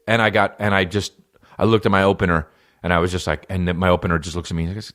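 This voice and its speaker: A man in his thirties from New Jersey tells stories on his comedy podcast. His voice sits fairly low and he talks loosely, swearing often. His delivery is laid-back, with plenty of fillers and tangents. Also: fast, fairly bright tone. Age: 30s. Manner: rambling, profane, laid-back storytelling. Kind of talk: casual comedy monologue.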